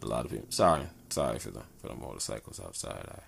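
Man, deep gravelly voice, rambling casual monologue, profane, laid-back, good mic. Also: lively intonation, fast talker, a bit bright, slight background noise. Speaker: father. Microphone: good microphone.

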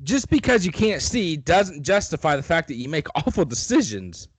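A man's voice: a little high, big pitch swings, normal speed, breathy edge, no echo. Man, joking, laughs often, sports banter, dry recording. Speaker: podcast co-host. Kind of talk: casual sports chat.

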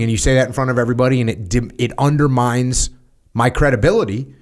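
A man's voice: medium pitch, fairly quick. A man hosting a podcast, talking casually and acting out short quoted exchanges to make his points. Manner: plain-spoken, acts out short quoted dialogues. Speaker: podcast host.

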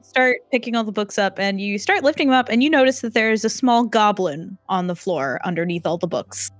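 A woman's voice: mid-range voice, expressive, fairly quick, no room sound. A woman narrating as game master in a casual, filler-heavy, giggly way.

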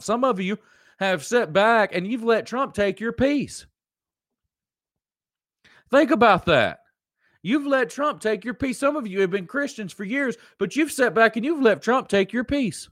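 A man's voice: high voice, expressive, moderate pace, fairly bright tone, no room sound, studio quality. Preachy Southern man ranting. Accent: Southern American. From American South. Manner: preachy, emphatic, repeats lines for effect. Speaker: host. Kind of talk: ranting live-stream commentary.

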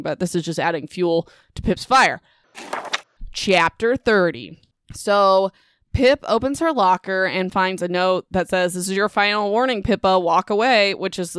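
A woman's voice: mid-range voice, fairly bright tone, clean tone, no echo, studio quality. A young woman casually recapping a novel on her podcast, chatty and sarcastic, saying "like" and "whatever" constantly. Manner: chatty, heavy use of "like" and "whatever", sarcastic asides.

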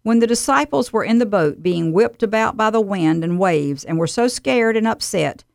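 A woman delivering a scripted radio devotional in an earnest, steady, exhorting manner. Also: medium pitch, normal speed, vocal fry, dry recording, clean studio sound.

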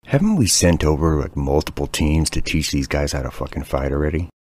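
A man's voice: rumbling low, animated, fairly quick, darkish tone, no room sound. A man hosting a comedy podcast, talking in a crude, sarcastic, ranting way. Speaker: podcast host.

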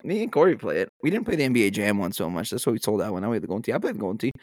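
A young man on a casual podcast, telling stories in a relaxed, laid-back way and swearing freely. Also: on the low side, racing, no room sound. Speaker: podcast co-host. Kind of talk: casual chat.

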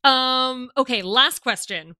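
Young woman host, high bright voice, super gushy and excited. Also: slow pace, clean tone. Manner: gushing, enthusiastic. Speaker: podcast host. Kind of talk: casual interview.

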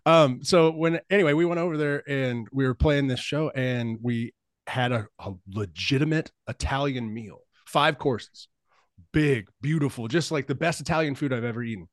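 A man's voice: mid-range voice, normal speed, no echo, studio quality. Rambling, swearing male podcast host. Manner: rambling storyteller, swears freely, laughs often. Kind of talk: casual podcast chat.

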